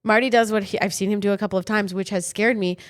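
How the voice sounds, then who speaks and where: A fast-talking woman with a medium-pitched voice co-hosts a podcast, telling stories casually. Animated throughout, she performs the quotes and bursts into silly sung bits.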